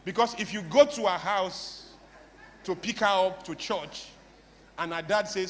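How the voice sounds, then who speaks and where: Bright, high-voiced Nigerian man in a hall. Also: measured pace, background noise. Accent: Nigerian English. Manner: playful, mimics broken English for laughs. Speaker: motivational speaker. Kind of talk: motivational talk to a live audience.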